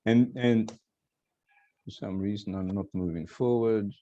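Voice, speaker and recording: Older male professor, mellow dull sound. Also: on the low side, steady tone, a little slow. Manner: explanatory, questioning students, self-correcting. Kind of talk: online lecture.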